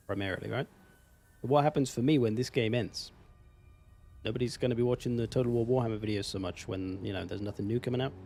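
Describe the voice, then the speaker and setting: A man's voice: mid-range voice, darkish tone. A man with an English accent, casually commenting on a strategy game on a live stream, swearing now and then and answering chat. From England. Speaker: gaming streamer.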